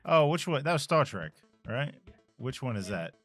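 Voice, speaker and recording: A man co-hosting a retro game playthrough, chatting and swearing with animated energy. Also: mid-range voice, normal speed, soft background music. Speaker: co-host playing retro games. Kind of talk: casual gaming banter.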